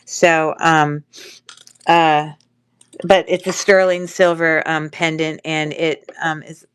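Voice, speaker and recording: A woman with a cold speaks through a stuffy nose, and her voice is smooth, clear and a little low. She runs a live jewelry auction in a casual, rambling way, full of ums and uhs. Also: flat delivery, slow. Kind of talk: casual live-stream selling chat.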